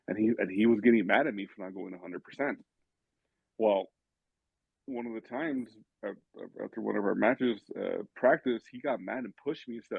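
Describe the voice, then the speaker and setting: Stammering gravelly man, tinny sound. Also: lowish voice, fast, dry recording. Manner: stammering, repeats words. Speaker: podcast guest, judo and jiu-jitsu student. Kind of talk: casual chat.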